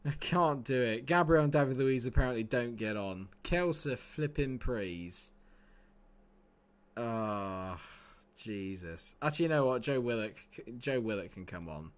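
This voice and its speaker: A man's voice: medium pitch, expressive, a little slow, clear, resonant tone. A man commenting casually on his live game stream, chatty and swearing freely as he talks to his chat.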